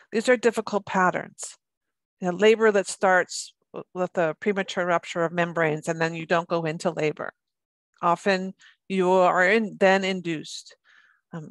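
A middle-aged woman giving a recorded lecture, talking in a halting way with many restarts and repeated words. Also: fairly low pitch, no room sound. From United States. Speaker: presenter on birth trauma.

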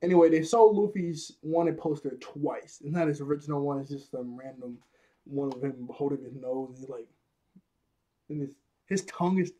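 A man's voice: a little high, normal speed, dark tone. A man giving a casual, rambling episode review, laughing often at his own jokes.

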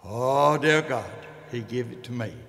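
A man preaching a sermon, folksy, loud and emphatic, swinging from shouts to low storytelling. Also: animated, measured pace, creaky. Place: church sanctuary. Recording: long church reverb.

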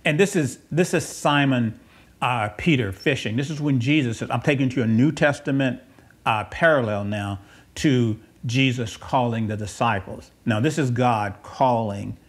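A man preaching a conversational sermon, rambling and correcting himself, with asides and soft chuckles. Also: mid-range voice, breathy edge.

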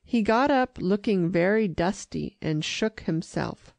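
A woman narrating an audiobook in a measured, even storytelling manner. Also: medium pitch, creaky, no room sound. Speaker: audiobook reader.

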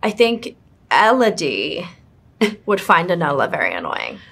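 A woman's voice: fairly low pitch, huge pitch swings, unhurried, gravelly, fairly bright tone, husky. A young woman being interviewed, chatting casually and giggly with lots of fillers and restarts. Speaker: actress and author being interviewed.

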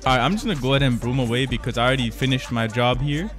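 Young guy talking over his game, slangy and hyped, mid pitch, faint music behind. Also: very fast, a bit bright. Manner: slangy, hyped, self-correcting gamer talk. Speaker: gaming channel host. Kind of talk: casual gameplay commentary.

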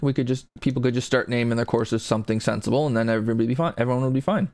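A man's voice: medium pitch, steady tone, rapid-fire, a little mellow, no room sound. A man casually commenting while playing a golf video game, chatty and self-deprecating, rambling between shots. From grew up with English parents, not in Britain. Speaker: gaming streamer playing golf.

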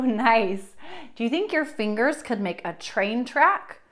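A woman's voice: medium pitch, expressive. A young woman teaching a children's music class, encouraging and sing-song, drawing her words out for little kids. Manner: bright, encouraging, slow and drawn out for young children.

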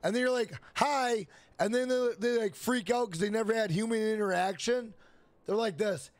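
A man's voice: high-pitched, a little fast, a little mellow, dry recording. A young man streaming a game, chatting loosely with profanity, repeating himself and reading chat questions aloud. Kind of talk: casual live stream chat.

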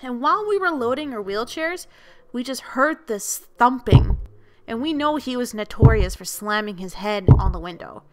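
A woman who works as a school bus driver, telling her stories as narration for an animated video in an expressive, lively way. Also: on the high side, normal speed, a crowd in the background. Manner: lively, expressive storyteller who acts out the people she quotes.

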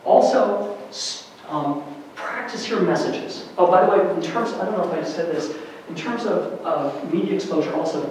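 A middle-aged man giving a lively workshop lecture to faculty, varying his loudness for emphasis, with many fillers. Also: fairly high pitch, slight background noise. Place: large lecture room. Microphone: distant room mic. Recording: very echoey hall from far off.

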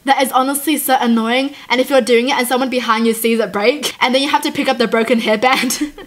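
Woman, high voice, bubbly, giggly, playful reaction host. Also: fairly even intonation, quick pace. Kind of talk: casual reaction commentary.

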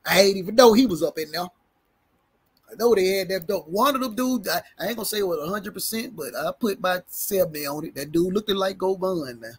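This reaction commentator's slightly rough voice sits high, and his delivery is brisk. Reading a report out loud, he keeps the commentary slangy and relaxed, stumbles on long words, and trades jokes with the people watching.

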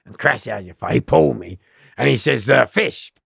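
A middle-aged man with a heavily gravelly voice that swings widely up and down as he tells his story. He swears freely and acts out other people's lines. The sound is close and dry, with no room behind him. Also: mid-range voice, expressive, fairly quick, fairly bright tone, no echo. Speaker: interview guest. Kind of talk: animated storytelling.

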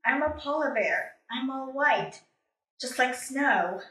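A woman's voice: high-pitched, animated, slow pace, bright, forceful tone, distant mic, full character voice. A woman voicing a shy, homesick young male polar bear in a storybook reading, speaking in a timid, hesitant way. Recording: echoey room, away from mic.

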